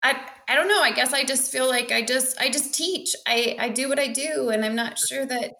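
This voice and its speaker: A woman's voice: sits high, normal speed, pushed and bright. A woman teacher from Montana, chatting casually as a podcast guest, self-deprecating and laughing often as she acts out bits of dialogue. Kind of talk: casual interview chat.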